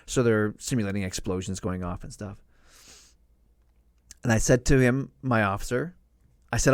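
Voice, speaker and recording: A middle-aged man from Canada telling a story casually on a live stream, acting out shouted quotes in a raised voice. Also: mid-range voice, expressive, normal speed, pauses often, no room sound, studio quality.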